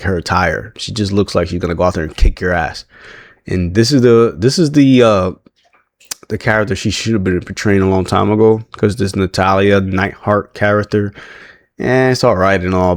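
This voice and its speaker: Chatty man with a lowish voice. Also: dry recording, studio quality. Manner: chatty, laughs often, frequent restarts. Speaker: wrestling recap reviewer. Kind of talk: casual show recap.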